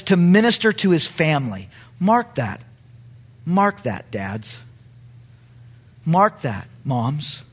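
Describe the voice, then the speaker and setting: A man preaching a sermon with animated delivery, building to shouts at the peaks. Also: a little high. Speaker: pastor.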